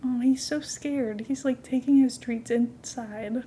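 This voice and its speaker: A young adult woman streaming a game from home, chatting in a rambling, casual way and cooing softly at her cat now and then. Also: on the high side, fairly even intonation, unhurried, slight background noise. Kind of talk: casual live-stream chat while gaming.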